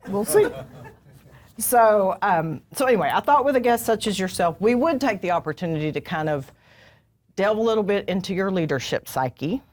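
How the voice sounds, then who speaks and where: A woman's voice: medium pitch, lively intonation, normal speed, a little mellow. Chatty woman hosting a live interview. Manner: chatty, self-deprecating, joking. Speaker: host, HR director. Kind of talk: casual onstage interview. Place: live event room with audience.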